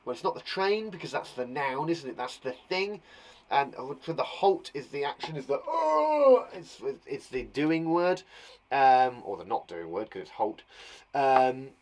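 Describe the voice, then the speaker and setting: A man's voice: mid-range voice, sing-song, unhurried. A man teaching young children online, chatty and thinking aloud as he acts out the sounds of words. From England. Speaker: primary school teacher.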